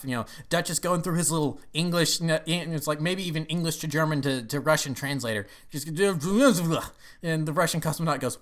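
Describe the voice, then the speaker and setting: A man's voice: a little high, expressive, normal speed, a bit bright. A young man giving casual, rambling commentary on a movie, often laughing and acting out lines.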